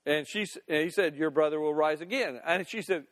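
Older male pastor, high voice. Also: lively intonation, fairly quick, few pauses. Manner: conversational, acts out scenes in different voices. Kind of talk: sermon with scripture reading.

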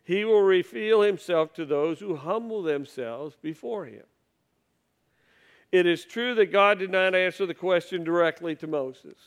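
Guy preaching a sermon, high clear voice, reads scripture then chats about it kinda wry, gets folks to say it with him. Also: fairly bright tone. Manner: conversational, wry preaching that asks the congregation to read along.

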